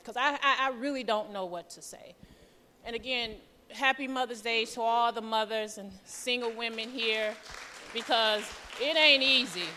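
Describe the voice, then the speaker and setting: Bright-voiced woman preaching in echoey church. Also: a little high, moderate pace, some chatter behind. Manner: nervous, chatty storytelling with lively quoted voices. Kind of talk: testimony sermon. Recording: reverberant church hall.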